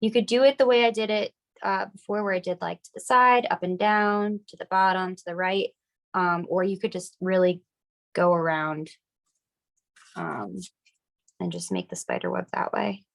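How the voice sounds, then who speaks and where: A young woman getting over a cold, teaching a relaxed, chatty, upbeat step-by-step decorating class. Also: fairly low pitch, moderate pace, gravelly. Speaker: craft class instructor. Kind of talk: casual step-by-step demonstration.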